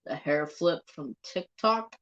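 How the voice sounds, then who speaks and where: A man's voice: fairly high pitch, expressive, takes it slowly, fairly bright tone, highs cut off. A man hosting a crafting live stream, telling stories in casual, profane chat. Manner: chatty, profane storyteller.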